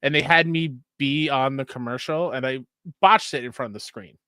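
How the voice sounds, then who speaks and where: A man's voice: medium pitch, moderate pace, sharp tone, smooth, no echo, studio quality. A young adult man co-hosting a gaming podcast, joking and reading out news in casual chat. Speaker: podcast co-host.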